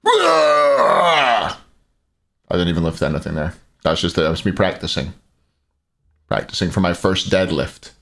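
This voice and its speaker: A man's voice: deep voice, fairly even intonation, brisk, creaky. A man casting a live esports stream, mixing game commentary with joking banter with his viewers. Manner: joking, chatty banter with chat. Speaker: esports caster and stream host.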